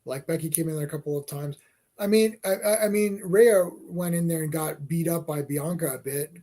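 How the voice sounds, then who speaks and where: High-voiced man, rambling excitable co-host in a casual chat. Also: moderate pace. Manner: rambling, excitable, acts out scenes.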